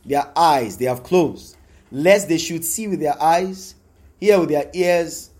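High-voiced man preaching emphatically. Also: slow, darkish tone. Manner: emphatic, repetitive preaching with rising exclamations. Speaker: pastor. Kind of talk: sermon.

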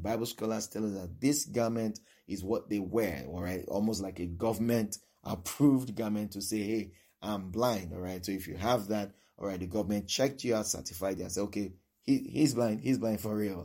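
A man's voice: on the low side, a little fast, few pauses, a little mellow. A male preacher giving a sermon who repeats his points and keeps asking "all right?".

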